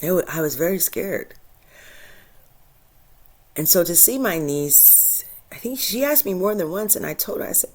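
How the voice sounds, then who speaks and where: A woman hosting her own spiritual channel, talking casually and with feeling, laughing often and swinging from soft to loud. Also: low-pitched, very animated, normal speed. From Michigan. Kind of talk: casual inspirational monologue.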